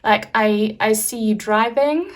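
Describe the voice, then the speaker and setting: A woman's voice: fairly high pitch, takes it slowly, recorded from a distance. A woman giving a pick-a-card tarot reading in a chatty, reassuring way, with many ums. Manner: chatty, reassuring, frequent fillers. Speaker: tarot reader.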